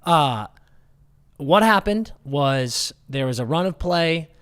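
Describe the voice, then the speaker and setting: A man's voice: fairly high pitch, animated, slow pace, fairly bright tone, clean tone. A male podcast host with a mid-range voice who rants and swears freely. He tells stories in a blunt, casual way. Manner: profane, ranting storyteller. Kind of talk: casual chat.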